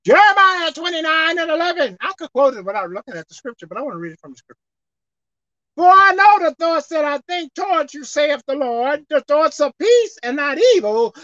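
Woman preacher, high voice with wide swings, emphatic sermon delivery, dry dull recording. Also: no echo. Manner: emphatic, swinging from loud exhorting to quiet asides, slowing to read scripture.

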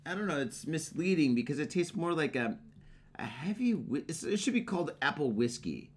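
A man's voice: a little high, big pitch swings, a little fast. A man co-hosting a casual podcast while drinking, tipsy and joking, with loose, profane banter and frequent chuckles. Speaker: podcast co-host.

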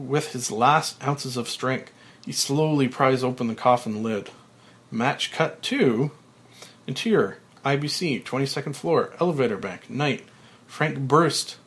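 A man's voice: mid-range voice, unhurried. Man evenly reading screenplay directions. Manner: plain, even reading with small slips. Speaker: podcast host.

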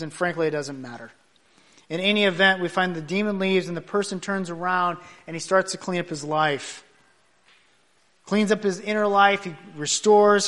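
A man preaching a sermon, building to loud emphatic points and dropping soft at the ends of thoughts. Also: high-pitched. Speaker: pastor.

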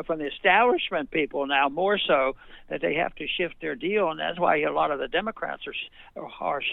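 An older man, a physician, being interviewed as a guest, speaking haltingly with repeated words and fillers. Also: on the high side, vocal fry, no echo. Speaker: guest, physician and former politician. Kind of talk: interview over a phone line. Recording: tinny phone line.

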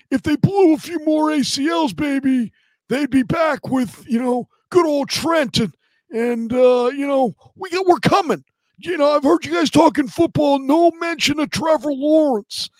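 A man putting on a loud, brash, blustery fan voice who shouts his lines. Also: very high-pitched, no echo.

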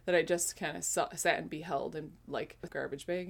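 A woman's voice: sits low, steady tone, fairly quick, creaky, few pauses. A woman in her forties telling a casual personal testimony, rambling with frequent self-corrections. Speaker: speaker sharing a spiritual testimony.

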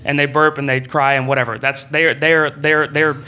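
A young man preaching a sermon in a church room, earnest and conversational, breaking into excited bursts. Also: fairly high pitch, normal speed.

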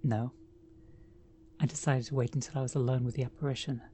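A woman narrating a first-person horror story in a measured, dramatic reading. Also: extremely low pitch, fairly even intonation, mellow, a little hiss or hum.

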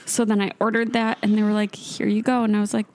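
A woman's voice: medium pitch, fast, slight background noise. A young woman, co-host of a podcast, telling a casual story and acting out the other people in it. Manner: animated, acts out quotes in a put-on voice.

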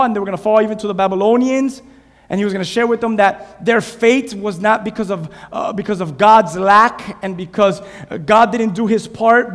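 A man preaching a sermon to a church, dynamic, swinging from hushed asides to shouted passages. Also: high voice. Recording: long hall reverb.

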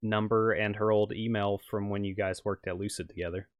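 Young man, game master, low voice, rambling, dry close mic. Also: flat delivery, a little fast, dry recording, muffled recording. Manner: rambling, many "like" fillers. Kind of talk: narrating a tabletop game.

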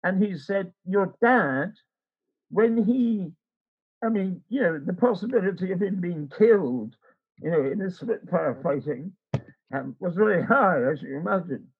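A man's voice: high-pitched, lively intonation, measured pace, breathy edge, phone-quality sound. An older man telling a rambling personal story in casual chat, acting out the voices of the people in it. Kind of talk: casual anecdote.

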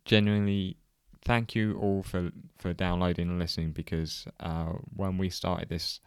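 A man's voice: sits low, little pitch movement, moderate pace, clean tone, no echo, studio quality. A man co-hosting a podcast, speaking earnestly with many hesitations. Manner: hesitant, full of fillers and restarts, earnest. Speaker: podcast co-host. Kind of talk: casual podcast chat.

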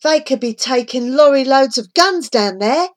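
A woman's voice: high voice, expressive, moderate pace, pitched above the performer's own voice. A woman voicing a frightened, nervous boy who hisses and gasps his words. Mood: worried. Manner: hissing, gasping.

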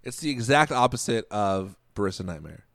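A man's voice: on the low side, animated, fairly quick, gravelly, a bit bright, no room sound. A man co-hosting a podcast, blunt and sarcastic, arguing his opinions in casual chat. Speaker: podcast co-host.

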